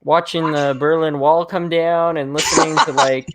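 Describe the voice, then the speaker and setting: A man's voice: a little high, flat delivery, moderate pace, background noise. A young man hosting a livestream, chatting casually and playfully with friends in a group call. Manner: playful, joking exaggeration. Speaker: stream host.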